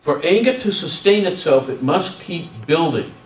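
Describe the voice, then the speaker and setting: A man presents a staff workshop with a lively, swooping voice and plenty of humor. He keeps acting out short exchanges. The sound is roomy and picked up from a distance. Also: a little high, moderate pace. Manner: animated, acts out dialogues with humor. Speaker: guest speaker on student service. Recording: roomy hall, distant mic.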